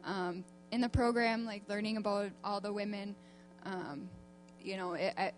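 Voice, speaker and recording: A woman's voice: medium pitch, steady tone. A woman with a mid-range voice speaks at a church about taking part in a ministry program. She stumbles and restarts often, and a faint mains hum runs under her voice. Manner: halting, with many fillers and restarts. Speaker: program participant. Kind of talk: church testimony.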